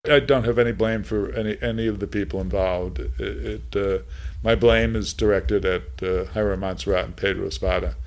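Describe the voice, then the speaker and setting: Gravelly man recalling events in an interview. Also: on the low side, fairly even intonation. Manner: halting, with restarts and filler pauses. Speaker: former state senator interviewed.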